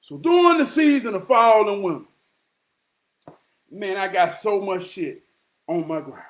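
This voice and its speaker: A man in his forties giving an impassioned, profane motivational monologue, dropping to hushed murmurs and then rising to shouts. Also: sits high, lively intonation, unhurried. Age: 40s. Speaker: motivational vlogger.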